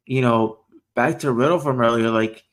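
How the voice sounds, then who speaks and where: A man who hosts a small podcast, chatting casually and telling an excited story with many false starts. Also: medium pitch, normal speed.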